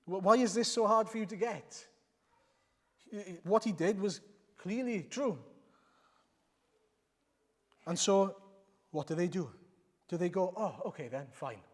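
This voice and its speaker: Male preacher, fairly high voice, emphatic sermon delivery, long church reverb. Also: takes it slowly, pauses often. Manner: emphatic, rhetorical questions, repeats lines.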